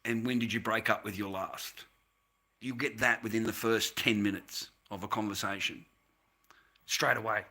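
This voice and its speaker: A man rants on a livestream as its host. His voice is very bright and sharp-edged, and his talk is blunt and full of swearing. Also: on the low side, steady tone, moderate pace. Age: 50s. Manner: blunt, profane, ranting. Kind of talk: casual livestream rant.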